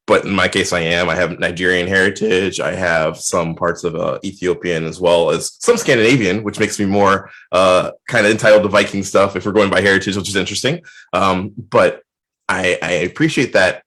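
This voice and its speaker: A man speaking as a guest in a casual video-call chat, earnest and animated as he acts out what other people said to him. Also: low voice. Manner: earnest, animated retellings with lively quoted voices.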